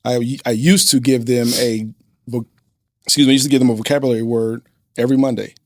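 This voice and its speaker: A man's voice: mid-range voice, steady tone, quick pace, a little mellow, no room sound. A man with a mid-range voice speaking as a podcast guest. He tells stories earnestly and lays out lessons step by step, with ordinary fillers. The recording is dry and close. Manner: earnest, instructive storyteller with fillers. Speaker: guest, business owner and father. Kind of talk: casual interview chat.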